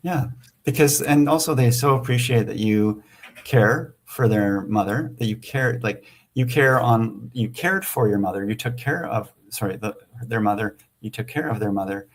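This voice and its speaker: Male realtor co-host, lowish voice, loose rambling chat. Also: normal speed. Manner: loose, rambling, self-correcting. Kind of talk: casual chat.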